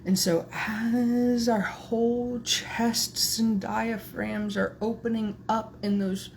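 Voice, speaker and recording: A woman energy healer leading a guided channeling session in soft, meandering spiritual phrasing. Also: on the high side, fairly even intonation, slow pace, creaky, a little hiss or hum.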